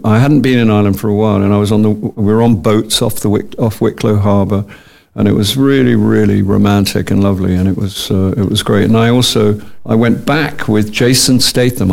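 A man who is an actor, chatting as an interview guest with a dry, wry manner and halting restarts. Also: lowish voice, gravelly. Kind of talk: casual interview chat.

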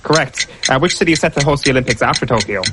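A man hosting a casual sports quiz, reading questions briskly and giving quick verdicts. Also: medium pitch, very noisy. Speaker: quiz host.

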